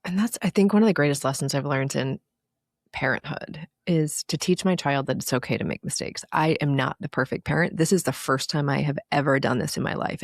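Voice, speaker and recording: A middle-aged woman talks candidly as a podcast guest, earnest and reflective, with lots of fillers. Her voice has a gravelly fry to it and sits at an ordinary pitch. The sound is close and dry. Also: no echo. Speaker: podcast guest, recovery coach. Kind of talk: candid conversational interview.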